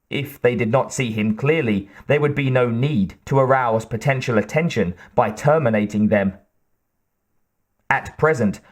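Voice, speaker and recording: Guy reading an audiobook, really slow and steady, mid voice, calm even delivery. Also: medium pitch. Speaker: audiobook narrator. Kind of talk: scripted narration.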